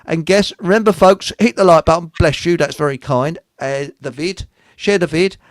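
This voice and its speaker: Jokey host, higher voice, dry sound. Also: male voice, moderate pace, dry recording. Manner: jokey, rambling, swears, laughs often. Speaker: livestream host. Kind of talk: casual banter reading chat comments.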